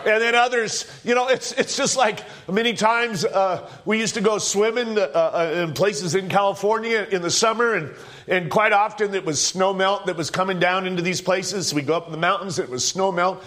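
High-voiced man preaching a folksy sermon. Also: moderate pace, a bit bright. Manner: conversational, joking, storytelling. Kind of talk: informal sermon.

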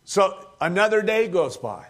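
Older man, high voice, folksy preacher, chuckles a lot, storytelling sermon. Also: big pitch swings, measured pace, a bit bright. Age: 60s. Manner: folksy, chuckles often, plain country grammar.

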